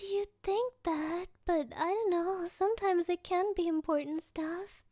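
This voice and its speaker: A young woman streamer at home, telling a story in casual chat, excitable and laughing often, with lots of fillers. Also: very high voice, slow, dry recording, clean studio sound. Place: at home, creaky floor.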